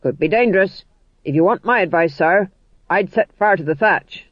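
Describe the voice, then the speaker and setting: Guy putting on a blunt shouty sergeant, keen to set things on fire, dry dull sound. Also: high voice, normal speed, dry recording. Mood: eager. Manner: barking, blunt. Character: loud, overeager male sergeant, eager to burn things. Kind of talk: audiobook narration.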